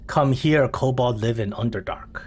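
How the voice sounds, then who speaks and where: A man's voice: mid-range voice, moderate pace, darkish tone, slightly rough, lightly acted. Male GM as a timid little kobold, childlike broken speech. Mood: explaining. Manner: broken simple grammar.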